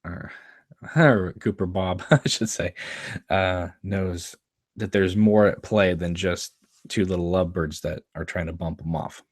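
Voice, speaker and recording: Male host, very low pitch, dry close-mic sound, relaxed chatty commentary with frequent laughs. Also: measured pace, no echo. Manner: chatty, laughs often, quotes lines from the scene. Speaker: show host commenting on an episode. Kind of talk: casual watchalong commentary.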